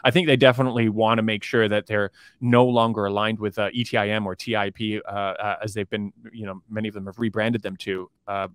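A man in a podcast interview who talks rapidly, piling up fillers and restarts as he works through his thoughts. His voice sits at an ordinary pitch for a man. The sound is dry and close, with no room around it. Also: flat delivery, clear, resonant tone, no room sound. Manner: fast, rambling, with many restarts and fillers. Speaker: political commentator guest. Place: based in China.

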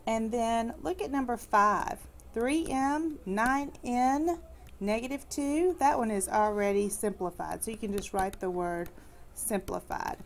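A woman teaching a recorded math lesson in a patient, explanatory way. She slows down on the words that matter and adds gentle classroom humor. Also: fairly high pitch, a little hiss or hum. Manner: light corny humor for students.

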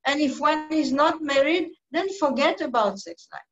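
Woman, spiritual teacher giving a slow scripture class, higher voice, muffled lo-fi recording. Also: animated. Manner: slow, deliberate teaching with many pauses and fillers. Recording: dull lo-fi recording.

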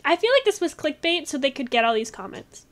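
A woman with a high, bright voice chats through a casual gameplay video. She gushes and talks quickly, with easy laughter. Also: sing-song. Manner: bubbly, gushing, quick with laughs. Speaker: gaming channel host.

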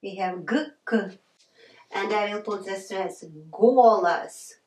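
A woman teaching a pronunciation lesson, slowly naming letter sounds in pairs and repeating example words. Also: mid-range voice, little pitch movement. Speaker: language teacher. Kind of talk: slow classroom pronunciation lesson. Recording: echoey room from far off.

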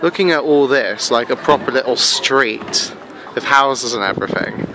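A man chatting casually in a travel vlog, excitable and full of fillers, filming himself indoors and then outdoors on a handheld camera. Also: medium pitch, moderate pace, background noise. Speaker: travel vlogger. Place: hotel room, then outdoors at a castle.

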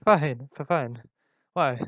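A man voicing an exhausted, anxious teenage girl who speaks in a weak, halting way. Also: a little high, vocal fry, dry recording. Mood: weary. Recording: dull lo-fi recording.

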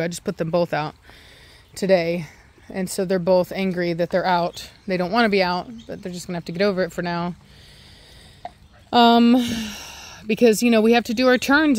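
Rambling woman vlogging among her dogs. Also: medium pitch. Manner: rambling, with many ums and restarts; breaks off into sharp commands to dogs. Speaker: dog breeder and vlogger. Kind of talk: casual vlog chat. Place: kennel area with several dogs. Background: dogs barking and moving.

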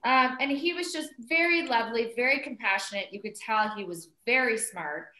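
A middle-aged woman telling a story in casual conversation, animated and chatty, full of "like" and "um" fillers as she quotes herself. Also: fairly high pitch, moderate pace. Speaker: interview guest, mother of the co-founder. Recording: roomy echo.

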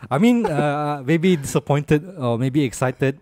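A man's voice: fairly high pitch, measured pace, mellow, no echo. A young Malaysian man co-hosting a podcast, speaking Malaysian English in casual chat, laughing often and tagging his lines with "lah". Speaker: podcast co-host.

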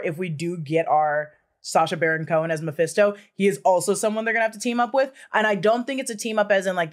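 A woman speaks casually at a middle pitch, rambling with many fillers. She laughs often and swears freely as she lays out her idea. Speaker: panel guest presenting a theory. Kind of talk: casual chat.

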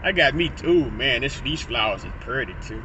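Behind the wheel, this Illinois man vlogs into his phone camera in a casual monologue, stumbling over restarts and laughing to himself as he rambles. His medium-pitched voice is expressive and moves at a moderate pace, with noise in the background.

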